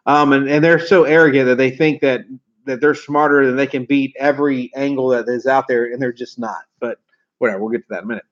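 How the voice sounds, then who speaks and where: A man's voice: mid-range voice, fairly even intonation, fast. Folksy man, rambling stories. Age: 40s. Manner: swearing, folksy, rambling storyteller. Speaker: car sales trainer. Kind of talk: storytelling to camera. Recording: dull lo-fi recording.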